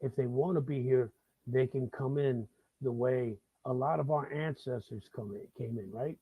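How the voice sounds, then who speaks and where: A middle-aged man with a New York accent hosts a live monologue. He swears freely and restarts his sentences in heated bursts. His voice is husky, and the sound is thin and phone-like. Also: medium pitch, normal speed, no echo. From the Bronx, New York. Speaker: host. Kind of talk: live talk-show monologue.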